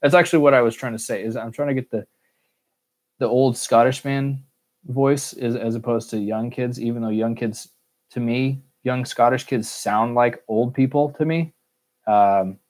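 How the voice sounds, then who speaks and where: A man's voice: medium pitch, darkish tone. An American man hosting a casual solo Q&A podcast, rambling, cursing freely and joking at his own expense. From United States. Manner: rambling, swears a lot, self-mocking. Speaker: podcast host.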